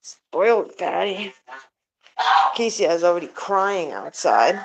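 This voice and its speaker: Slow-talking woman coaxing her pets. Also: mid-range voice, lively intonation, a little hiss or hum. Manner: coaxing, affectionate talk to her animals. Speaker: pet owner vlogger. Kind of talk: casual chat while doing evening chores.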